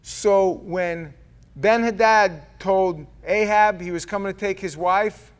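A middle-aged man, a senior pastor, praying softly then preaching a sermon with emphatic delivery and humorous asides to the congregation. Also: high-pitched, slow pace, clean tone. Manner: earnest, shifts from hushed prayer to loud emphatic preaching. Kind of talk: sermon with opening prayer and scripture reading.

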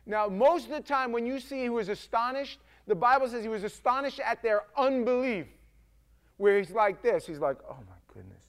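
A male pastor preaching a sermon in an animated, conversational way, acting out quotes. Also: very high voice, normal speed, clear, resonant tone.

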